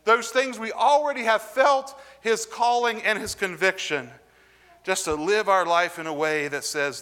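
Male pastor, middle-aged, high pitch, sermon delivery with slow emphatic readings. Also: bright, forceful tone. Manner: earnest preaching with slow emphatic scripture reading.

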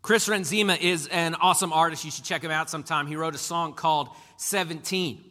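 Male preacher, high bright voice, emphatic delivery, long hall reverb. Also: a little fast. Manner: animated, emphatic preaching with sudden loud and soft turns. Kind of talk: sermon.

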